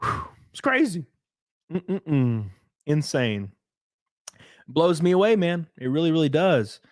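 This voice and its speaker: Rambling man with a lively voice. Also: fairly high pitch, slow pace, dry recording, studio quality. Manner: rambling, crude, laughs often, reads out chat. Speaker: livestream host. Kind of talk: casual solo stream chat.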